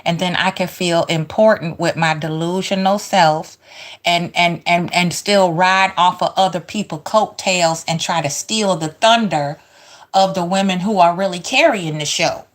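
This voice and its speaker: A woman in her forties chatting as co-host, sassy and emphatic, drawing her words out. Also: fairly low pitch. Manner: sassy, emphatic, slow and drawn out. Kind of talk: casual chat.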